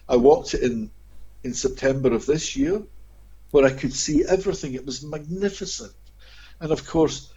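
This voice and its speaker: A man's voice: medium pitch, breathy edge. A man telling vivid anecdotes as a guest in an interview. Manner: animated, expressive storyteller. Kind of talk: anecdotal storytelling. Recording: dull lo-fi audio.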